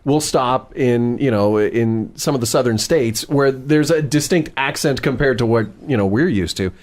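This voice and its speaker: A man's voice: mid-range voice, normal speed. A man co-hosting a podcast, talking casually and rambling through his thoughts. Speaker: podcast co-host.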